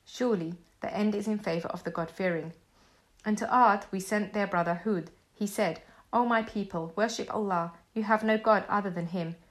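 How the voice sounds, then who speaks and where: A woman reading a translated scripture aloud in a measured, solemn way. She reads the quoted speech in her own voice. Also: medium pitch, fairly even intonation. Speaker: scripture reader.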